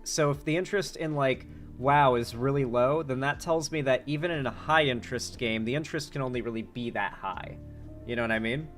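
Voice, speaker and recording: A man's voice: mid-range voice, brisk, fairly bright tone, soft background music. Rambling male live streamer. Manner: rambling, filler-heavy, joking. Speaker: streamer, political commentator. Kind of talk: casual live-stream chat.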